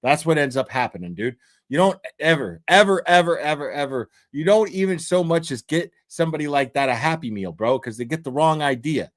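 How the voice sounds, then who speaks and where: A man's voice: fairly high pitch, lively intonation, fairly quick, dry recording, clean studio sound. A man hosting a commentary show, delivering a crude, profane rant with emphatic repetition. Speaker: commentary host.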